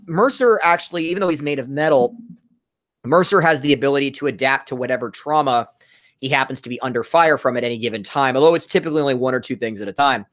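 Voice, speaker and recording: A man's voice: medium pitch, fast. A man, a comic book creator, chatting casually on a livestream and rambling animatedly about his book. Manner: rambling, animated, self-correcting.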